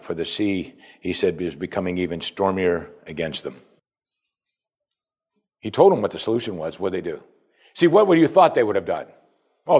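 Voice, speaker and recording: Male pastor, lively sermon delivery, slightly husky. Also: low voice. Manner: animated, swinging between loud exclamation and quiet asides.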